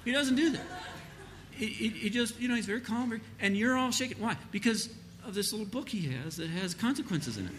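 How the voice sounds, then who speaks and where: A man's voice: high voice, animated, fast, few pauses, noisy background. A man giving an informal church talk on parenting, rambling with fillers and acting out quoted parents. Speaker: church speaker answering a question. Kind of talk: informal sermon-style teaching.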